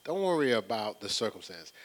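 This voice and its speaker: A man preaching in a casual, conversational way, teaching from scripture with slangy phrasing and repeated words, building up excitement as he goes. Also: fairly low pitch, fairly quick. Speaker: preacher leading a Bible study. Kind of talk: conversational sermon.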